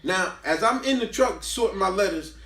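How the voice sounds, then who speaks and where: Animated man telling a story. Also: high-pitched, normal speed. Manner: animated, emphatic, preachy asides. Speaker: book review host. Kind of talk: casual storytelling. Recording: roomy, from a distance.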